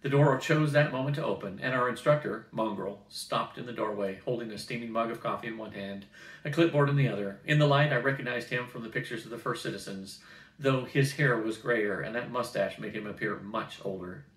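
An older man reading a novel aloud to family in a steady manner, recorded from a distance in a roomy space. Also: mid-range voice, brisk. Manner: steady reading, occasional throat clearing.

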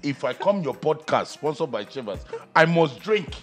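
A man's voice: a little high, sing-song, normal speed, soft background music. A man with a Nigerian accent, a guest co-host in casual podcast chat, ranting emphatically and animatedly.

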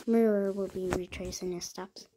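A woman's voice: mid-range voice, steady tone, normal speed, noisy background. A woman playing out a murder mystery with toy horses, switching between chatty, whispered and accusing voices for each character. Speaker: toy horse role-play creator.

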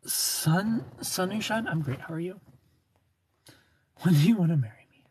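A man's voice: high voice, lively intonation, measured pace, a little mellow, a little hiss or hum. A tired man live streaming from an airport on his phone, rambling casually as he answers chat and thanks new followers. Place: airport terminal.

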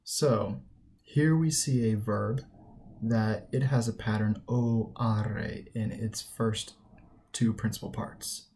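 A man's voice: on the low side, fairly even intonation, takes it slowly, a little mellow, a little hiss or hum. A man teaching a recorded Latin grammar lesson, patient and methodical, often checking in with the listener.

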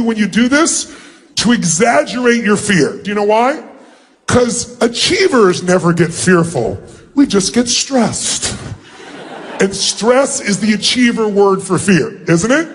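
A motivational speaker, a man with a high-pitched, husky voice, addresses a large crowd at a live seminar in a large auditorium. He commands the room and calls for responses, acting out quick mock greetings along the way.

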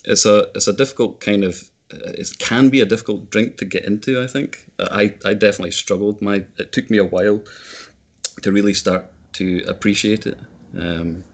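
A man's voice: lowish voice, fairly even intonation, moderate pace. A man in his thirties, a guest on a video call chat, talking hesitantly and repeating words as he starts sentences.

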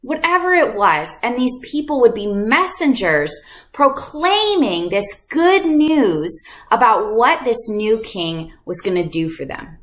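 A woman leading a children's Bible lesson, talking animatedly and acting out voices for the kids. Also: medium pitch. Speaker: children's ministry teacher. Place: church video lesson.

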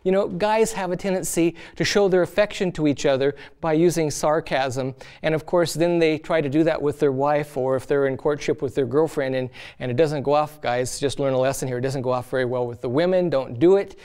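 A man's voice: fairly high pitch, a little fast, hardly any pauses, a little mellow, smooth. A man preaching on marriage in a conversational, folksy way, telling stories. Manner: conversational, folksy, many "you know"s. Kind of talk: sermon with storytelling.

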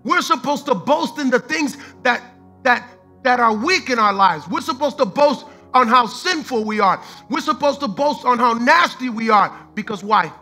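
A man's voice: very high voice, lively intonation, normal speed, pushed and bright, soft background music. A man preaching a sermon as pastor, fervent and repetitive, mixing in street slang and the odd line of Spanish.

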